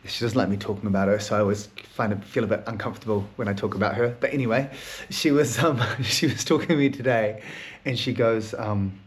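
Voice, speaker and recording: A man's voice: on the low side, fairly even intonation, fairly quick. A man hosting a solo podcast, talking in a raw, emotional, rambling way and swearing often. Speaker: podcast host.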